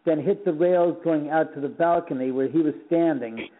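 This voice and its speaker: A middle-aged man from Los Angeles tells his stories as a radio guest, with a slightly high voice. He acts out the dialogue in his stories and stumbles over repeated words. The call comes through a thin, tinny phone line. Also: normal speed. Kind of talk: phone interview, storytelling.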